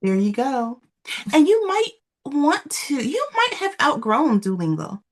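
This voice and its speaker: A woman's voice: high-pitched, wildly swooping pitch, measured pace, noisy background. A woman co-hosting a podcast in casual chat, chatty and laughing often, trailing off with fillers. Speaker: podcast co-host.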